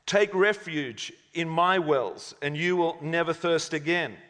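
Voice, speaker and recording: A man's voice: on the high side, unhurried, fairly bright tone. A male preacher voicing a stubborn, desperate man digging a well, in a raised, strained voice in a reverberant hall. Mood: defiant. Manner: defiant then pleading.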